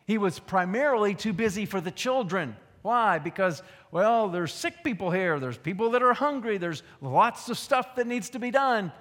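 A man, a pastor preaching a sermon in a conversational way, dropping low for asides and rising for emphasis. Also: expressive, moderate pace, hardly any pauses, a bit bright. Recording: long hall reverb.

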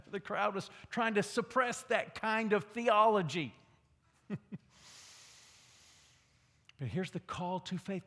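A male preacher delivering a sermon with a fairly high voice and dramatic swings from loud calls to near whispers. His voice carries a long reverb in a large hall. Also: animated, unhurried.

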